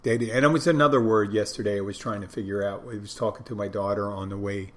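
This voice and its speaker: Speaking quickly in a lowish, fairly bright voice with fairly even intonation, a podcast host delivers a casual solo monologue. He rambles and digresses, thinking aloud as he goes.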